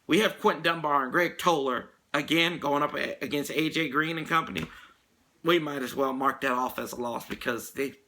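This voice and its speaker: A man's voice: a little high, moderate pace, pushed and bright, a little hiss or hum. A man hosting a sports podcast in casual, rambling talk, joking around with many fillers.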